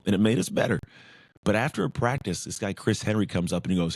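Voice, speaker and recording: A man's voice: on the low side, expressive, fast talker, a little mellow, no room sound, studio quality. A man speaking as a podcast guest, former pro football player, talking intensely and emphatically in repeated lists. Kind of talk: casual interview talk.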